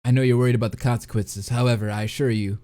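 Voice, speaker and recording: A man voicing a scheming young male student who speaks in a measured, formal way, low and unhurried. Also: fairly even intonation, mellow, close to an everyday voice. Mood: calm, assured.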